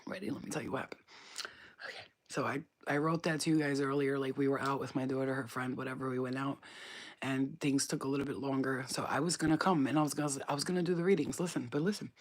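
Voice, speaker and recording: A woman's voice: rumbling low, fairly even intonation, fast talker. A woman livestreaming as a psychic reader, casually telling a story to her chat, swearing often and repeating phrases for emphasis.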